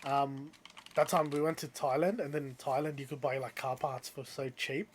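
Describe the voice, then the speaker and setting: A young Australian man telling a story in casual podcast chat, animated and full of "like" and "um", acting out the people he talks about. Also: medium pitch, a little hiss or hum. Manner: animated, quick to act out the people in his story, many "like"s and "um"s. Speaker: podcast co-host.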